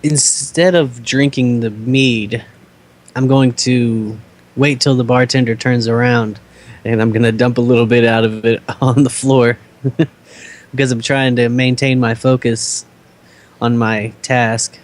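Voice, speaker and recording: Guy playing d&d, talks slow, keeps giggling. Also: mid-range voice, steady tone. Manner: unhurried, giggly. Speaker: player. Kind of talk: tabletop game play.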